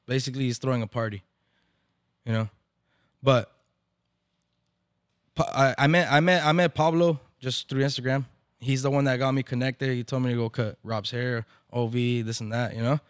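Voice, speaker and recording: Casual man, barber event organizer, slangy and profane, switches into Spanish, middle pitch, dry close mic. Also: fairly even intonation, moderate pace, pauses often, clear, resonant tone, no room sound. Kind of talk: casual storytelling chat. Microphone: podcast microphone.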